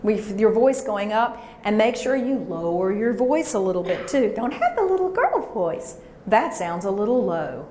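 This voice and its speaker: A woman giving a live career workshop, coaching emphatically and drilling phrases with her audience. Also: medium pitch. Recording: roomy echo, faint background noise.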